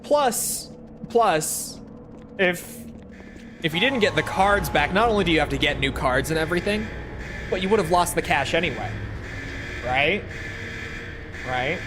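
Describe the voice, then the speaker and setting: A man's voice: fairly high pitch, lively intonation, unhurried, pauses often, over music. A man giving casual gameplay commentary, chatty and joking as he thinks aloud. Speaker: gaming video creator.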